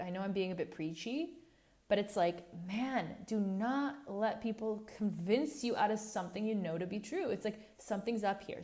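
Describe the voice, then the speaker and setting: Earnest young woman podcast host, lowish voice. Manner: earnest, self-interrupting, animated. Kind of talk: personal monologue.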